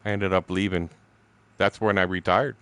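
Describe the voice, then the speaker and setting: A man in his sixties streams a game and tells rambling stories in a casual, blunt way, swearing all the time and laughing between remarks. His low voice is steady, a bit bright, clear and resonant, at a normal speed, and the recording is dry.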